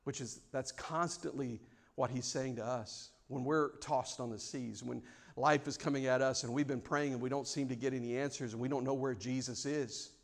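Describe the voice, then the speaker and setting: A man preaching a sermon, swinging between loud, mock-formal prayers and quiet, reflective stretches. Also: mid-range voice, fairly even intonation, moderate pace, vocal fry. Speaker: pastor.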